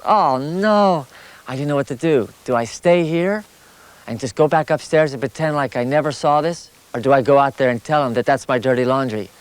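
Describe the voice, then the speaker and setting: Man, walker's travel anecdote, animated storytelling, mid-range pitch, voice jumps up when excited. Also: brisk, smooth, no echo. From United States. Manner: animated, rising sharply at the funny parts. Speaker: walker recounting his travels.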